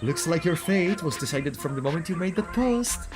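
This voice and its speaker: A man's voice: fairly high pitch, animated, normal speed, over music, pitched below the performer's own voice, natural voice. A man reading a gleeful sadistic show host. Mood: mock-cheerful. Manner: taunting, theatrical, mock-cheerful.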